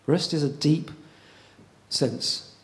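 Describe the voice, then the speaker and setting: A man preaching a sermon in a conversational way, pausing often and repeating words as he goes. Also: on the high side.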